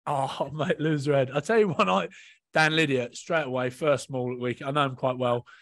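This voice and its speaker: A rugby player on a podcast panel, chatting casually and telling animated, laughing stories with acted-out quotes. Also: male voice, medium pitch, normal speed, no room sound, studio quality.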